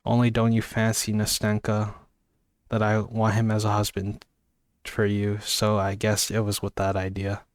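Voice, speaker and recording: A man's voice: on the low side, monotone, moderate pace, clean tone, no echo, clean studio sound. A man casually reading a novel aloud, sleepy and yawning, stumbling over words and apologizing. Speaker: amateur reader.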